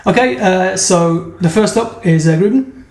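A man's voice: high voice, measured pace, echoey room, crowd noise. A man hosting a casual podcast, chatting and joking with friends over beers. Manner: chatty, jokey, leads the conversation. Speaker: podcast host. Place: room with friends, drinking beer.

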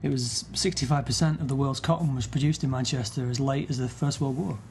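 A man's voice: mid-range voice, fairly even intonation, a little fast, creaky, darkish tone, a little hiss or hum. A man hosting a beer podcast, chatty and teasing in casual talk. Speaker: podcast host. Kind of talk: casual chat.

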